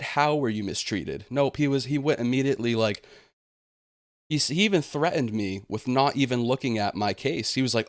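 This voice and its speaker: A man's voice: medium pitch, expressive, moderate pace, no room sound, clean studio sound. A young man venting in a vlog monologue, aggrieved and indignant, slipping into sarcastic mocking quotes. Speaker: gaming channel host.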